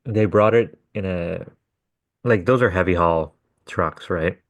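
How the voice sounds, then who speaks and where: A man's voice: low-pitched, measured pace, dry recording. A man co-hosting a podcast, casually telling a work story and swearing as he acts out what people said. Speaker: podcast co-host.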